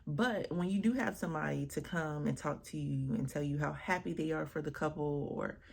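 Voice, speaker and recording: Husky low-voiced woman telling a story. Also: brisk. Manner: animated, expressive storyteller acting out quotes. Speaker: wedding officiant telling a story. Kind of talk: casual storytime vlog.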